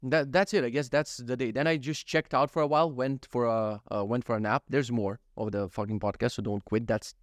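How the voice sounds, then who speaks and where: A vlogger in his thirties casually tells a story about his day, swearing freely and acting out his own thoughts and what others said. He speaks fairly quickly in a mid-range voice, with hardly any pauses, no echo and studio quality.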